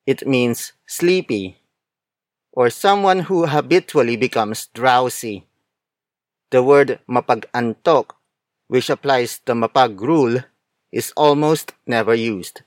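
Slow, deliberate male lesson narrator. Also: medium pitch, no echo, studio quality. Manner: slow, deliberate, spells words letter by letter and repeats them. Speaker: language teacher. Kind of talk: scripted language lesson narration.

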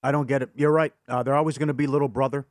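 A man's voice: medium pitch, steady tone, very fast, no echo, studio quality. Man co-hosting a sports betting show. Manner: laughs often, chewing and mumbling at times. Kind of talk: casual sports talk with host-read ads.

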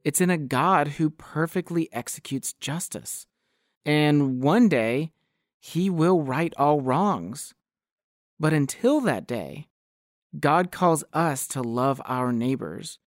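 A man from the United States giving calm, reflective devotional narration. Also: fairly high pitch, takes it slowly, no room sound, clean studio sound. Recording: voice-over over clear guitar music.

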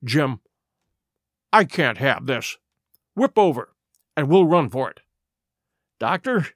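A man's voice: mid-range voice, big pitch swings, slow pace, dry recording, studio quality. A man voicing a kindly middle-aged male doctor who speaks earnestly and urgently. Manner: earnest, rising to urgent pleas.

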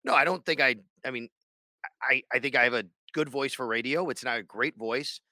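Male sports radio host, bright dry voice, rambling casual podcast chat. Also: medium pitch, brisk, no room sound. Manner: rambling, many restarts and fillers.

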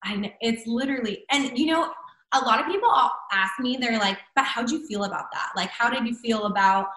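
A woman's voice: on the high side, fairly quick, pushed and bright, roomy sound, rough recording. A woman telling a personal story in casual chat, full of "like" and "I'm like" fillers. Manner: chatty, many fillers and "like". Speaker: guest.

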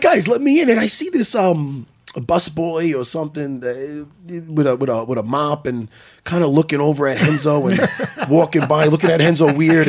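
A man's voice: on the high side, husky. A man hosting a podcast, telling a story animatedly, swearing often and laughing his way through it.

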